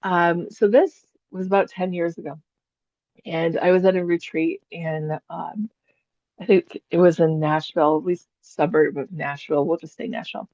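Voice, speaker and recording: A woman's voice: lowish voice, steady tone, moderate pace, darkish tone, no room sound, highs cut off. A woman psychic teaching a spiritual class in a chatty storytelling way, laughing often.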